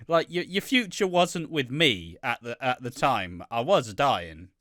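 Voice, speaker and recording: A man's voice: mid-range voice, big pitch swings, takes it slowly, bright, forceful tone, no echo, studio quality. A man from Britain co-hosting a podcast, chatting casually and animatedly about a soap episode, often swearing and acting out lines. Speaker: podcast co-host.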